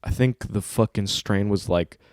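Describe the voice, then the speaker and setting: A young man hosting a casual chat, telling stories in an animated, profane, slang-heavy way. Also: lowish voice, unhurried, no room sound, studio quality. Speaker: host.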